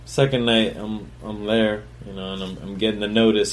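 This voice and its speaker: A man's voice: lowish voice, level tone, normal speed. A man, a chef and podcast host, telling a story in a blunt, profane, boastful way and rambling with fillers and restarts. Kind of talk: casual solo storytelling.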